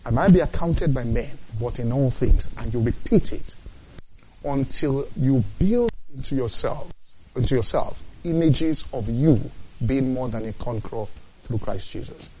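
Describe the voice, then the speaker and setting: A man's voice: medium pitch, expressive, dark tone, slightly rough. Guy preaching a sermon, keeps asking "you understand?", kinda muffled recording. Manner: emphatic, repeats phrases, asks the listeners questions; quotes scripture in a slow, deliberate cadence.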